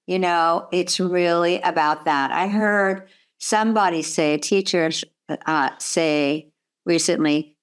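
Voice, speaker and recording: A woman speaking slowly and earnestly in a reflective conversation, thinking aloud about her own experience. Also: fairly low pitch, smooth. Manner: slow, earnest, self-reflective.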